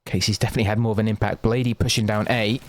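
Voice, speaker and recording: A man giving quick, excitable live play-by-play as a game shoutcaster, with casual asides to his viewers. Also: lowish voice. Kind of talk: live esports commentary.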